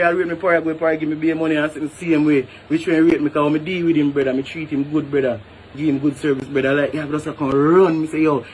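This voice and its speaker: A man's voice: fairly high pitch, a little hiss or hum. A man with a Jamaican accent, a hotel worker venting emphatically and tagging phrases with "brother". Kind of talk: venting to camera.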